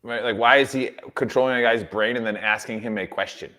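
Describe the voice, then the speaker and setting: A man's voice: lowish voice, fairly even intonation, fairly quick, pushed and bright. A man co-hosting a casual veterans' podcast, rambling through a theory and checking in with "right?". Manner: rambling, many fillers like "right?". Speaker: podcast co-host. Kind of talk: casual chat.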